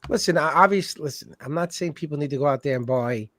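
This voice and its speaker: A man co-hosting a livestream chat, excitable and teasing, often restarting his sentences. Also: a little high, quick pace, no echo, clean studio sound.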